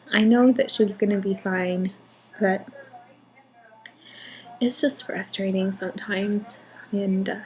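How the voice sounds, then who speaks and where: A young woman vlogging as a mother, speaking softly and haltingly, often close to a whisper. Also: medium pitch, a little hiss or hum, poor audio. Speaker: mother vlogging about her daughter. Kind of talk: emotional personal vlog. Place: home.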